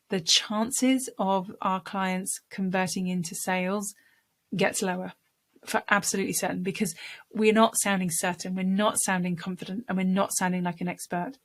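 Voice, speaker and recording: A woman's voice: fairly low pitch, fairly bright tone. Woman coaching on speaking. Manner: conversational, demonstrates voice techniques. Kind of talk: direct-to-camera teaching.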